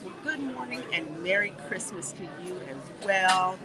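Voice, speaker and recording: A woman hosting a casual livestream while walking through a theme park, reading viewer comments and chatting in an animated way. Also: mid-range voice, unhurried. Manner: chatty and animated, warm greetings, laughs often. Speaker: livestream host. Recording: noisy outdoor livestream audio. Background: park ambience and music.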